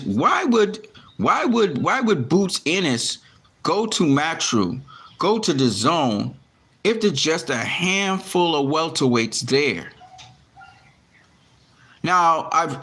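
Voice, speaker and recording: A boxing commentary vlogger talks casually to his camera in a pushed, bright, mid-range voice. He's often frustrated and swears, with plenty of fillers and restarts.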